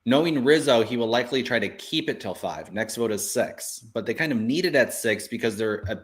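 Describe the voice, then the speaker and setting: A man co-hosting a casual show, thinking aloud in animated bursts with many restarts. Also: mid-range voice, fairly quick. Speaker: co-host. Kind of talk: casual podcast chat.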